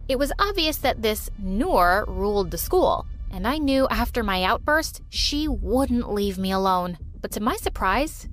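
A woman tells a first-person story in a scripted, dramatic style, her pitch lively and on the higher side. Faint music plays behind her. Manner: expressive, dramatic.

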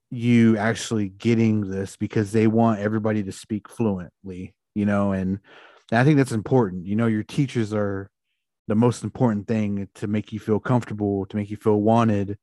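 A man talking in a relaxed, casual way, full of "you know" and "like" fillers. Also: fairly low pitch, no room sound, clean studio sound. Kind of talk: casual conversation.

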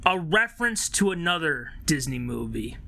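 Upbeat male co-host, bright and lively; a ranting storyteller in loose podcast chat. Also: on the high side, normal speed, vocal fry. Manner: animated storyteller, rants with loud acted outbursts. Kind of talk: casual chat.

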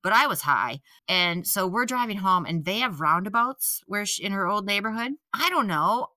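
Middle-aged podcast host lady from iowa, bright voice, super animated storytelling, swears a lot, dry close mic. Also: mid-range voice, moderate pace, no room sound. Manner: animated, laughing, swearing, acts out quotes. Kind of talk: casual storytelling chat.

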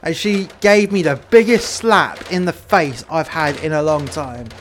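A man's voice: a little high, a little slow, a bit bright, a little hiss or hum. A man in casual game role-play chat, crude and heavily profane, rambling through stories as he goes. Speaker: player in prison role-play.

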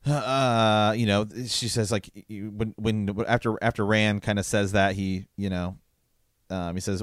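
A man's voice: on the low side, fairly even intonation, a little slow, no echo, studio quality. A man chatting about a book series and reading passages from it aloud, with lots of fillers between the lines. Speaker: book podcast co-host. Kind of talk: casual chat with read-aloud passages.

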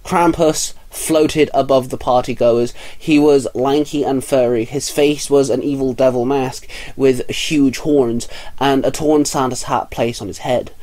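A man reading a fan story aloud as narrator, steady and even. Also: mid-range voice, a little slow.

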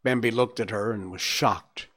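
A man narrating a storybook in a measured, dramatic reading. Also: mid-range voice. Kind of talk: audiobook reading.

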